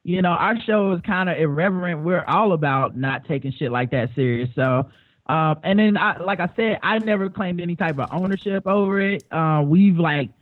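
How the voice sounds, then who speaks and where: A man chatting casually as a guest, heard over a thin, phone-like line with no room sound. His voice sits a little high for a man, and he rambles, stumbling over repeated words and swearing easily. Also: moderate pace, no echo. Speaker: podcast guest. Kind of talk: casual chat.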